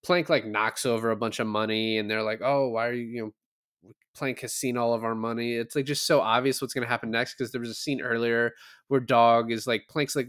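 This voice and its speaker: Podcast co-host, male, mid-pitched, dry close sound, chatty recap with laughs. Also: fairly even intonation, a little fast, a bit bright, clear, resonant tone, no echo. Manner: laughing, retells scenes with quoted lines. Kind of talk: casual movie review chat.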